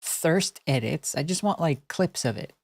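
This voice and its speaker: Slow, sarcastic young woman streamer. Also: sits low, lively intonation, a little mellow, dry recording, studio quality. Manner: sarcastic, rambling. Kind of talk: casual stream commentary.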